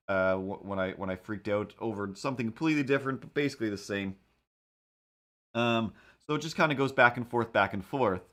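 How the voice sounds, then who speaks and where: A man's voice: on the low side, a bit bright. Rambling man in a casual monologue. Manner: rambling, restarts often, acts out quoted people. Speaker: comic artist and vlogger.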